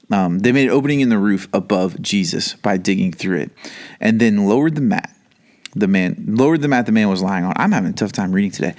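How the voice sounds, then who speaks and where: A male pastor giving a relaxed, conversational Bible teaching from his home basement. His voice sits on the lower side, and his talk wanders into chatty asides and self-corrections. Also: moderate pace. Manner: rambling, chatty, with frequent asides.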